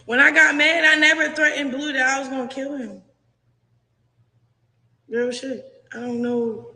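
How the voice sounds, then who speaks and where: A woman's voice: sits high, steady tone, unhurried, bright, forceful tone. A woman bluntly retelling her own story, swearing freely and acting out what people said to her. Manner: blunt, profane, acts out what was said. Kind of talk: candid personal retelling. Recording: echoey clip with long reverb.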